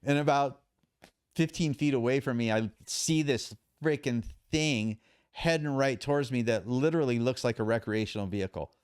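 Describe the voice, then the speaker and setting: A man's voice: medium pitch, moderate pace, clean tone, no room sound, studio quality. A man guesting on a podcast, telling a story casually and acting out the quoted dialogue.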